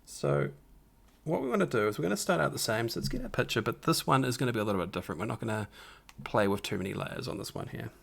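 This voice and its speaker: A man hosting a live stream with a rough morning voice, casually talking viewers through a Photoshop edit step by step. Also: medium pitch, expressive, fast. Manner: talks the viewers through each step, upbeat and encouraging. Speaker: stream host doing a Photoshop tutorial.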